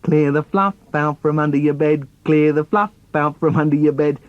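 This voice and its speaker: A man's voice: high-pitched, wildly swooping pitch, normal speed, no room sound, dull audio, voice pushed up. A man with a London accent voicing a smug older brother who nags in a sing-song way. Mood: nagging. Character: bossy older brother, young boy, smug.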